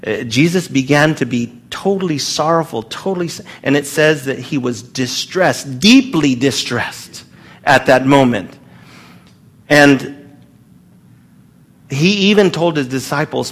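A man preaching a sermon to his congregation in an earnest, emphatic way, pausing and restarting as he speaks. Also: medium pitch, lively intonation. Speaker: pastor.

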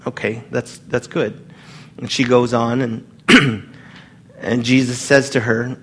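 A man's voice: level tone, slow pace, long pauses, fairly bright tone, breathy edge. A man preaching a sermon in a loose, conversational way, with fillers and asides, and acting out quoted lines. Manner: acts out quoted lines with rising pitch.

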